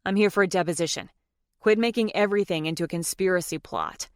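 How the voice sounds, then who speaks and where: A woman's voice: fairly low pitch, fast talker, dry recording, clean studio sound, close to an everyday voice. Woman reading as a smug, sneering man. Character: smug, spiteful man, rival fiancé.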